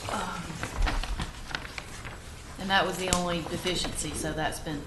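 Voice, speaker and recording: A woman's voice: lowish voice, fairly even intonation, unhurried, noisy background. Wry woman in an echoey meeting room. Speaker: board member. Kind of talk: meeting discussion.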